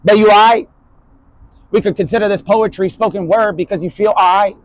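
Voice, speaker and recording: A man talking in a rambling spoken-word monologue, jumping between topics and swearing, his voice rising and falling in loudness. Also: high-pitched, steady tone, moderate pace, low-quality recording.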